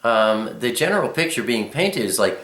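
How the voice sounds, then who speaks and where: A middle-aged man explaining Hebrew letters and names slowly, with many ums and uhs. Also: mid-range voice, sing-song, fairly bright tone, echoey room. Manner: slow, thoughtful explanation. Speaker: Bible teacher.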